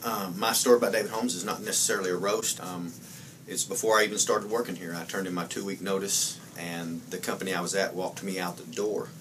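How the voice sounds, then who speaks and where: A man's voice: low-pitched, steady tone, fairly quick, few pauses, fairly bright tone, recorded from a distance, slight background noise. A man sincerely telling a short story of gratitude, with frequent fillers. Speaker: coworker giving a tribute. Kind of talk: casual anecdote.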